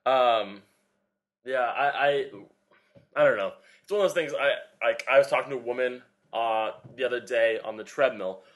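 A man's voice: medium pitch, moderate pace, fairly bright tone. Young male trainer co-hosting a podcast, loose rambling explainer, mid-range voice. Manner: rambling, filler-heavy explaining. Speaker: podcast co-host, personal trainer. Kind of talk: casual chat.

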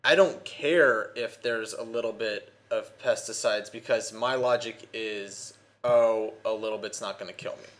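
A man's voice: fairly low pitch, a little slow, hardly any pauses. A man co-hosting a casual talk show, easygoing and joking, hedging his points with filler words. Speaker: podcast co-host. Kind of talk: casual chat.

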